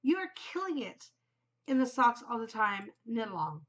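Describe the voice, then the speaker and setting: A woman's voice: a little high, sing-song, normal speed, a bit bright, lo-fi sound. A woman in her forties hosting a knitting podcast in an upbeat, chatty way, her nose a bit stuffed from a cold. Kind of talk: casual chat.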